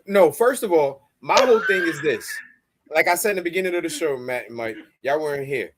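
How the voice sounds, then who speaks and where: Male co-host, animated recap voice, casual and profane. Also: a little high, brisk, noisy background. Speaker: podcast co-host.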